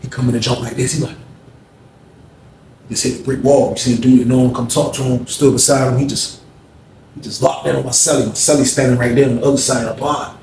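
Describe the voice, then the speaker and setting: Man, animated profane storytelling, quick delivery, gravelly voice, echoey room. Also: medium pitch. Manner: animated, profane, acts out the scene. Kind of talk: casual storytelling. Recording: echoey room with faint background noise.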